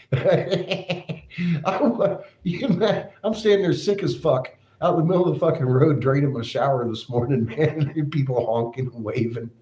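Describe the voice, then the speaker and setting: A man's voice: mid-range voice, dark tone. A man chatting casually on a livestream from his glassblowing workshop. He laughs often, swears freely and rambles through stories.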